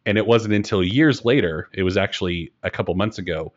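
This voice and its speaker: A man talking as a game master in a relaxed podcast conversation, chatty and self-deprecating. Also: sits low, a little fast. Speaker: game master and host of a broadcast tabletop game show. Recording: dull lo-fi recording.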